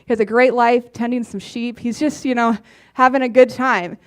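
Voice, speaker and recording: A woman's voice: a little high, steady tone, normal speed. A woman giving a casual sermon in a church, chatty and often laughing, with many fillers. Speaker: preacher.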